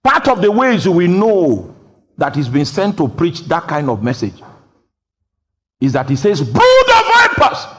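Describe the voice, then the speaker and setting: Male preacher, sermon delivery, shouts then hushes, husky voice, big echoing hall. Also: sing-song, unhurried, pauses often. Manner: bursts into loud shouted quotes, then drops low. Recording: long hall reverb.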